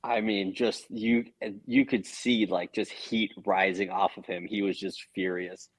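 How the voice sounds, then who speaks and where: A man talking as a podcast guest, telling a story in a casual, earnest and animated way, swearing now and then. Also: low voice, measured pace, poor audio.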